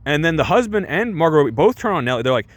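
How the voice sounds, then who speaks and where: A man's voice: on the high side, very animated, very fast, no room sound. A young man giving a casual, sarcastic movie review on a stream, full of restarts and rhetorical questions.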